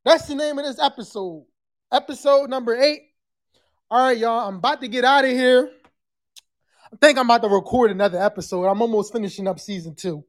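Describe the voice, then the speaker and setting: A podcast host chatting live with callers and the chat, loud and profane, sometimes breaking into screams. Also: medium pitch, brisk.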